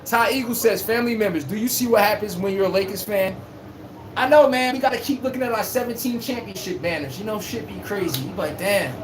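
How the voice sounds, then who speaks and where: A man's voice: sits high, fast talker. A man hosting a casual sports live stream, reading chat and trash-talking in a brash, playful way, recorded on a phone. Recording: echoey room with faint hum.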